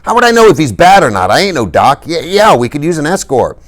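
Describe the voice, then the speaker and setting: A man's voice: on the high side, big pitch swings, fast, voice pushed up. A man voicing a reckless, tough teenage greaser boy who talks in urgent, commanding street slang.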